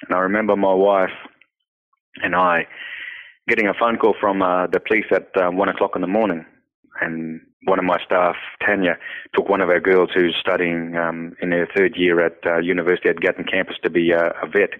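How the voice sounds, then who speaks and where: A man's voice: sits low, flat delivery, brisk. A man, founder of a nonprofit, earnestly telling a personal story in an interview, often repeating himself and saying "you know". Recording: tinny phone-line audio.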